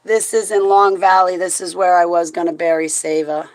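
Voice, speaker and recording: A woman's voice: on the low side, steady tone, poor audio. Grieving, tearful woman talking to viewers. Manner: halting, rambling and raw with grief. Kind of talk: emotional live chat to viewers.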